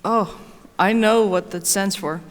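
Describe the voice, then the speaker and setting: A woman answers audience questions from the stage in a mid-pitched voice. Her speech is halting, full of fillers and restarts. The sound carries a long reverb from a large conference hall. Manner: hesitant, many fillers and restarts. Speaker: conference speaker and certified coach.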